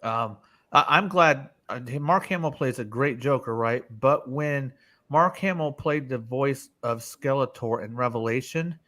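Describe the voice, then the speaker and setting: A man's voice: medium pitch, measured pace, sharp tone. A man hosting a casual live-stream panel discussion, loose and swearing freely, calling on each panelist by name.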